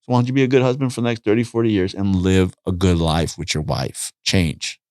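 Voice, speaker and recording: A middle-aged man, guesting on a podcast, tells stories in a casual chat with plenty of energy, voicing the dialogue himself. His voice sits low and moves fairly quickly. The recording is clean studio sound with no room noise.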